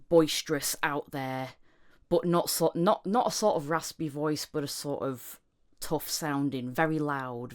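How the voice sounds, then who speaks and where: A British woman with a notably low, deep voice hosts a casual podcast chat. She rambles and restarts her sentences as she thinks aloud. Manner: rambling, halting, with many restarts. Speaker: podcast host and voice actor.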